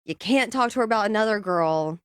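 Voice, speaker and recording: Lively flustered woman in a studio. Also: mid-range voice, fairly quick, smooth, no echo. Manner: flustered, laughing protests. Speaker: studio guest. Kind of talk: casual on-air chat. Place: radio studio. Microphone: studio microphone.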